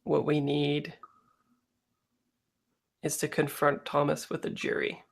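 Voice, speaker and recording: Slow, gravelly-voiced player. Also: mid-range voice, monotone. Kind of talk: tabletop role-play.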